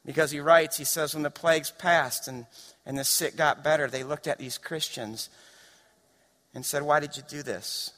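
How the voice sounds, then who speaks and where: A male pastor delivers a sermon in a fairly high, bright voice that carries. He moves between quiet storytelling and passionate, shouted climaxes. The sound has the long reverb of a large church hall. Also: steady tone, moderate pace. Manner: building to impassioned shouts, varied pacing.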